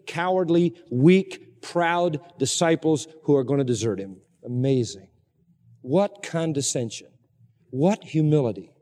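A male pastor delivers a sermon with emphatic force, his voice rising loud and dropping to a hush. He has a fairly high pitch. The sound trails off in the long reverb of a large hall. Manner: emphatic preaching, swinging from loud to hushed.

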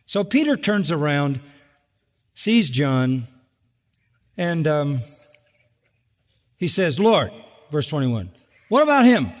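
A man preaching a sermon as pastor, animated, acting out quoted voices with big jumps in pitch and sarcastic emphasis. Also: slow pace, long pauses, in a large hall.

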